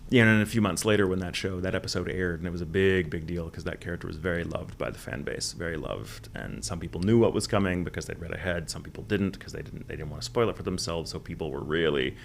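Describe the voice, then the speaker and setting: An American man with a low, gravelly voice tells stories in a relaxed interview. He is animated, curses easily and slips into the voices of the people he quotes. A faint hiss sits under the recording. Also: quick pace, hardly any pauses. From United States. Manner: animated, swears freely, acts out quoted lines. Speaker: guest voice actor. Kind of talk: casual interview storytelling.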